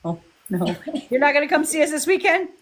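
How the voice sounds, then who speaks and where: A woman's voice: high-pitched, very animated, fairly quick, slight background noise. Playful chatty woman hosting a stream. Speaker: psychic medium hosting a live stream. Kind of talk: casual chat.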